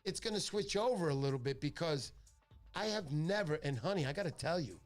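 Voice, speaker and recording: Joking, rambling New man, lively pitch. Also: brisk, soft background music. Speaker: fishing show host. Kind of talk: casual livestream chat.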